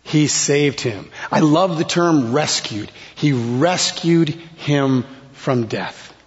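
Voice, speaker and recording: A man delivers a sermon at an unhurried, deliberate pace, his voice a touch high for a man. He lets key words fall away into near-quiet. The sound is dull and lo-fi, with a long reverb trailing through the hall. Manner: slow, dramatic delivery with sudden soft drops. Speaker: preacher.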